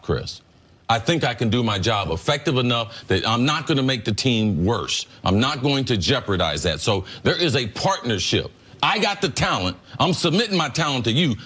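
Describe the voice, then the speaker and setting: A man's voice: mid-range voice, big pitch swings, a little fast, fairly bright tone, husky. A man and former pro football player arguing emphatically on a sports debate show, firing off rhetorical questions.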